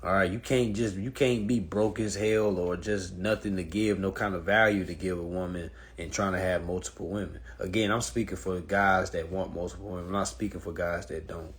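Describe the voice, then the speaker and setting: A young man talking straight to his live-stream viewers from his phone, blunt, swearing freely, and animated. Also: brisk, hardly any pauses. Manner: mocks women in a high falsetto. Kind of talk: casual monologue to viewers.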